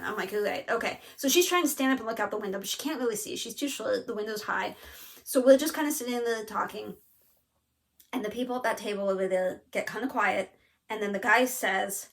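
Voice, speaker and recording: A woman hosting a craft video, telling a story in a casual, animated way and acting out what people said. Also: fairly high pitch, moderate pace. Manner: animated, lots of "like" and quoted asides. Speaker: flosstube host.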